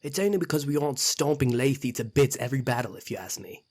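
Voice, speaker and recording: A man's voice: mid-range voice, quick pace, darkish tone, breathy edge, close to an everyday voice. A man playing a stern, weary army commander. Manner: authoritative, weary, curt. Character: stern middle-aged male army commander.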